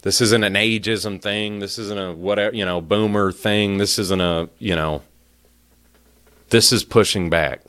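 Male podcast host, lowish voice, angry rant, stammering repeats. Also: fairly even intonation, unhurried, a bit bright. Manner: heated, repetitive, stammers when worked up. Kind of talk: opinion rant.

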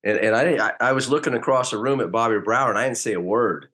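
A middle-aged man, a former pro ballplayer, telling stories as a guest in a relaxed, anecdotal way and acting out quotes. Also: mid-range voice, fast. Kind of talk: casual interview storytelling.

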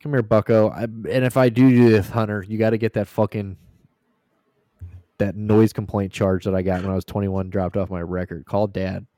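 A man's voice: fairly low pitch, little pitch movement, normal speed, dark tone, no echo, studio quality. A man co-hosting a podcast, trading crude, profane jokes and laughing often. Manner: crude, laughing banter with lots of swearing. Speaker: podcast co-host. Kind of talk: casual profane chat.

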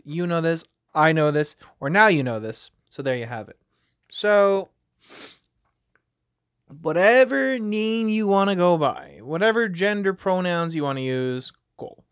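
This studio-quality recording has a clean tone and no echo, capturing a man from the United States whose voice is on the high side and a bit bright. Hosting a podcast solo, he gives casual, rambling commentary heavy on "like" and "you know."

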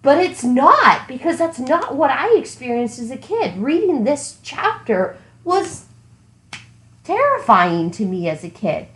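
A woman in casual book discussion, ranting animatedly and acting out what she shouted at the book. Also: sits high, a little slow, reverberant, low-quality recording. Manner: animated ranting, acting out her younger self. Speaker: podcast co-host.

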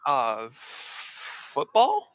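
A man co-hosting a casual sports podcast, dropping dry, deadpan quips. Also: medium pitch, very slow, dry recording, dull audio. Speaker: podcast co-host. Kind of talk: casual chat.

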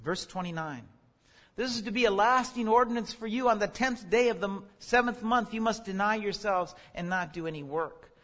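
High-voiced man teaching scripture in a reverberant space. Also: moderate pace, a bit bright. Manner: earnest teaching, rises sharply when crying out quotes. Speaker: Bible teacher. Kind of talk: Bible study lesson.

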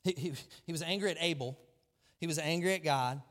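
A man preaching a sermon to his church, lively and emphatic, often acting out the voices of the people in his story. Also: on the high side, a little fast. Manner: animated preaching, acts out quoted voices. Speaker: pastor. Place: large church hall. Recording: long hall reverb.

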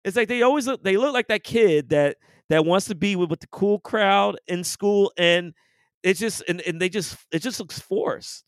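A man's voice: high voice, normal speed, dry recording, studio quality. A man co-hosting a podcast, ranting in casual, profane sports chat. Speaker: podcast co-host.

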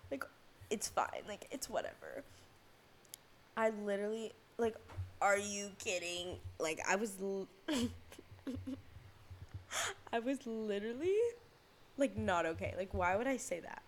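A woman's voice: medium pitch, a little slow, long pauses, a little hiss or hum. A teenage girl hosting a podcast, telling a rambling story with lots of fillers and swearing. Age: teens. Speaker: podcast host. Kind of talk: casual storytelling monologue.

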